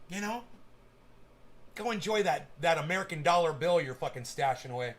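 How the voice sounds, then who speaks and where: A man's voice: high voice, lively intonation, normal speed, sharp tone. A man hosting a live stream, ranting casually with lots of swearing and stammered repeats. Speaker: livestream host. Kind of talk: casual livestream rant.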